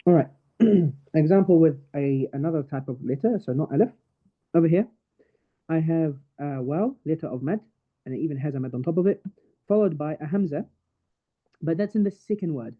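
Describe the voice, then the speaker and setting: A man's voice: a little high, lively intonation, moderate pace, pauses often. A man teaching a Quran recitation class online, explaining patiently step by step and reciting verses as examples. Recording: tinny phone-like call audio.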